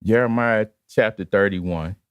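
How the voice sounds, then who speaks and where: A man's voice: lowish voice, measured pace, smooth, no room sound, dull audio. A man preaching a sermon in an emphatic, conversational way, repeatedly calling out to the congregation, with a Baltimore accent.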